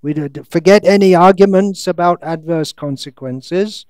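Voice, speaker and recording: A man giving a scriptural lecture, reading out quotes slowly and breaking into sarcastic, ironic asides. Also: sits high, a little mellow, clean tone, no room sound. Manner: reads quotes slowly, stretches words. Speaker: monk lecturer. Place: lecture hall in India.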